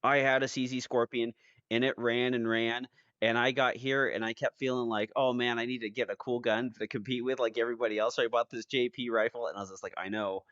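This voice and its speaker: A man's voice: medium pitch, fast talker, smooth, dry recording. Rambling man on a lo-fi podcast. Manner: rambling, animated storytelling with restarts. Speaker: podcast host. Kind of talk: casual chat. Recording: dry, dull lo-fi podcast audio.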